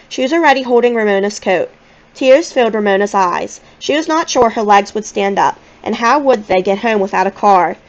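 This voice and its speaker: Woman reading a children's novel, muffled. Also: mid-range voice. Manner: gentle, expressive storytelling. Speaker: audiobook reader.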